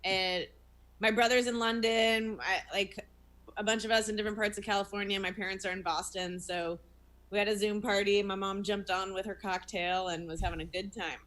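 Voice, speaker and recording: A woman's voice: medium pitch, steady tone, moderate pace, a bit bright. A young woman comedian, a guest on a video call, telling a personal story frankly with self-mocking asides. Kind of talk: candid interview storytelling.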